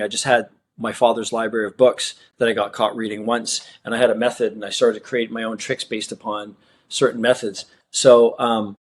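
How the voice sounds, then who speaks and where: Middle-aged male magician from Australia, relaxed interview storyteller, average pitch, lively quoted dialogue. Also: slight background noise. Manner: animated storyteller who acts out quoted dialogue. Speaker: magician guest.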